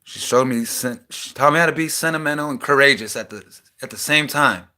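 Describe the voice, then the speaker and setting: A young man in a small house, venting a raw personal rant that swings between heated outbursts and quieter reflection. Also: medium pitch, fairly quick. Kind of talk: emotional personal rant to camera.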